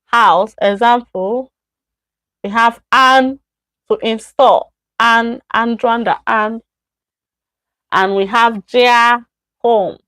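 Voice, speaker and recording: Woman teaching Chinese, repeating slowly. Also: fairly high pitch, fairly even intonation, a bit bright. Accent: Nigerian. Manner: explains patiently, repeats example sentences slowly, acts out little dialogues. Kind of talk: live-streamed grammar lesson.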